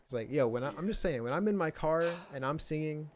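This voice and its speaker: A man's voice: a little high, expressive, fast. A young man from Texas hosting a casual podcast chat, rambling with lots of fillers and restarts. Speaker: podcast host.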